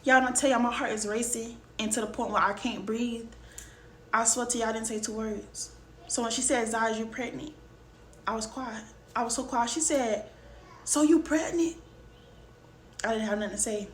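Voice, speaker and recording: A woman's voice: on the high side, fairly even intonation, fairly quick. A young woman vlogger casually telling a personal story, talking emphatically straight to her viewers. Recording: roomy room, faint background noise.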